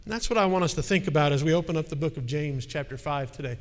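A man's voice: on the high side, fast, in a large hall. A man preaching a sermon as a pastor, in a conversational way, putting questions to the congregation.

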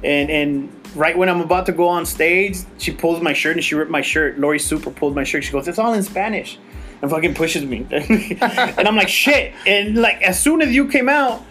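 Male host, forties, casual raconteur, swears, lively quoting voices. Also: a little fast, hardly any pauses, soft background music. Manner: animated, acts out quotes in a higher voice; swears freely, laughs while telling stories. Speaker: podcast host. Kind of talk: casual storytelling chat.

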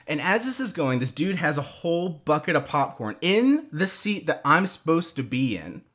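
A man co-hosting a podcast, telling a story in casual chat, animated and quick to swear, with many restarts. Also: a little high. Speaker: podcast co-host.

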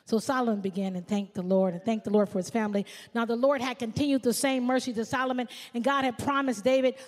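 Woman pastor, high voice, animated sermon, long echoing hall. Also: fast. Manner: animated preaching, swings from shouting to hushed.

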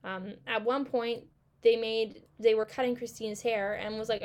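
Animated young woman telling a story. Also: a little high, moderate pace, slight background noise. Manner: animated, swearing, acts out quotes. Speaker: podcast co-host. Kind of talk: casual storytelling chat.

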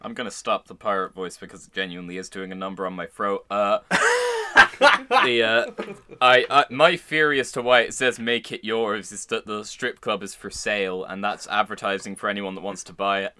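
Podcast co-host, man, very bright voice, loose jokey rambling. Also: lowish voice, steady tone, a little fast, smooth. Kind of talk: casual podcast chat.

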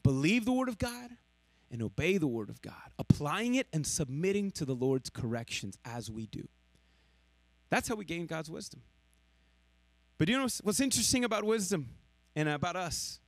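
A man delivering a sermon with a high voice that leaps all over its range. He moves between loud emphatic lines and hushed, slow ones. The sound is dry and close, with no room echo. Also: sing-song. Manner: dynamic preaching, swinging between loud emphasis and hushed lows. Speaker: pastor.

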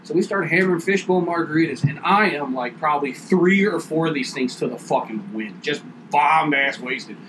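A man rattles off a story in loose, swear-heavy chat, and he acts out every quoted line as he goes. His voice sits a little high for a man. There's faint hiss in the background. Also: moderate pace, hardly any pauses. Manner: profane, animated storyteller acting out quotes.

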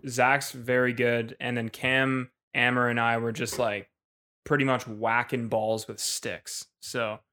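A man's voice: medium pitch, level tone, takes it slowly, sharp tone. A man co-hosting a podcast, chatting in a laid-back way. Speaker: podcast co-host. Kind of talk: casual chat.

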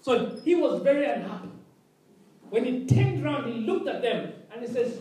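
High-voiced preacher in an echoey room. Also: male voice, sing-song, moderate pace, dark tone, far from the mic. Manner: emphatic, repeats phrases, calls for response. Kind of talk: sermon.

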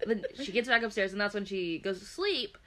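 A woman in her twenties telling a story in casual chat, animated, swearing freely and acting out what people said. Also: mid-range voice, brisk.

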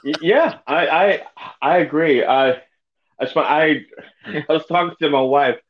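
Here a man with a higher voice speaks a bit slowly, and the recording's highs are cut off. He tells stories animatedly in a casual podcast chat, laughing a lot along the way.

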